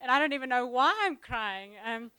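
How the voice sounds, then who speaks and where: A young woman giving a sermon in a church, chatty and halting, full of ums and restarts. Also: high voice, bright, forceful tone, smooth, no room sound. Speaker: guest preacher. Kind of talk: sermon opening, casual warm address.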